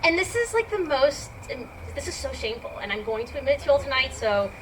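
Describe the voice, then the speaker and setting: A woman's voice: high voice, very animated, fast talker, fairly bright tone. A woman telling a personal story to a live audience in a chatty, filler-heavy way. She laughs often and acts out her own reactions. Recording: distant mic with background noise.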